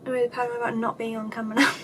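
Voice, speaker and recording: A beauty vlogger chats casually through a makeup tutorial, self-deprecating and dryly sarcastic, her voice occasionally dropping low. She talks fast with a flat delivery, and there's noise in the background.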